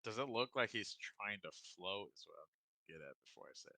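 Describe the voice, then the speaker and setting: Deep gravelly man playing a tabletop game. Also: expressive, fairly quick, bright, forceful tone, no echo. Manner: hesitant, profane and casual. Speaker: player. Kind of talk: casual tabletop role-play.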